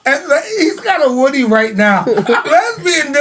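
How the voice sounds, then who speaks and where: A man's voice: high voice, sing-song, moderate pace, over a noisy crowd. A man from Illinois co-hosting a casual podcast, joking and teasing his friends and laughing often. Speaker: podcast co-host. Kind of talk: casual banter.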